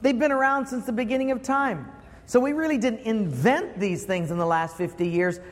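A man's voice: high voice, moderate pace, long reverb tail. A man preaching a sermon, asking the congregation rhetorical questions with emphatic delivery.

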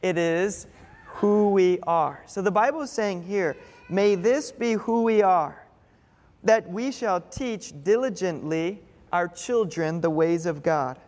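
A man with a high voice preaches a sermon to his congregation. He is earnest, with playful comic asides. His voice rings out through the long reverb of a large church hall. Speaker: pastor.

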